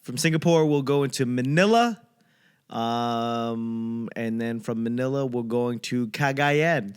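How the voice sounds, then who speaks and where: Smooth-voiced comedian man rambling. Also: mid-range voice. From United States. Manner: acts out voices in quick bits. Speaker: comedian podcast host.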